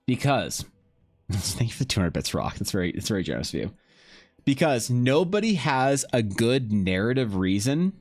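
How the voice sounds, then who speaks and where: A man talks loosely to his viewers while he sketches, drifting between topics and swearing freely. His pitch sits mid-range, and faint music plays under his voice. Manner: loose, rambling, profane banter. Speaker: livestreaming artist. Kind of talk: casual stream chat while drawing.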